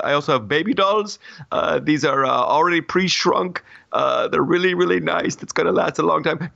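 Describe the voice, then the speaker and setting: A shrill, whining male lemur king, theatrical and greedy, stretching his pleas out high, as a man puts him on. The voice swings wildly up and down with a gravelly edge underneath. It sounds dull and lo-fi. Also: bright, forceful tone, full character voice. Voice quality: high, whiny, drawn-out pleading.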